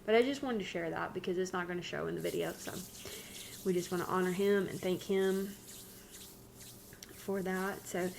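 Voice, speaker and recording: A woman's voice: on the low side, steady tone, normal speed, vocal fry, long pauses, darkish tone, slight background noise. Candid rambling woman channeler. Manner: candid, rambling, self-interrupting. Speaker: spiritual channeler. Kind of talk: casual spiritual talk.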